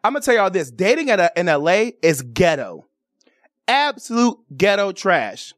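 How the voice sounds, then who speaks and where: A woman's voice: fairly low pitch, moderate pace, no room sound, clean studio sound. A woman from Chicago hosting a radio and TV talk show, chatting casually with playful, theatrical outbursts. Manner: animated, playful, theatrical cries and bird calls. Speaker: radio and TV host. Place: radio studio.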